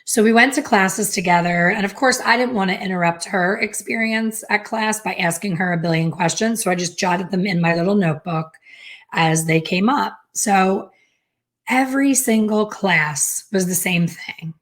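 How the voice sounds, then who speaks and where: A middle-aged woman telling a personal story as a hair color educator, lively and acting out the dialogue she quotes. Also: mid-range voice, normal speed.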